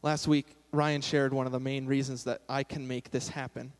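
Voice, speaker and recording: A man's voice: mid-range voice, flat delivery, normal speed. A young man preaching a sermon in a casual, self-deprecating way, with sudden emphatic bursts. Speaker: pastor. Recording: long hall reverb.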